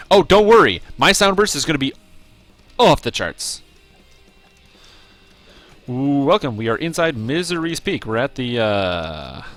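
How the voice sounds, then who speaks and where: A man chatting casually to his viewers while streaming a video game, rambling and reacting excitedly to the gameplay. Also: medium pitch. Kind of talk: casual live-stream commentary.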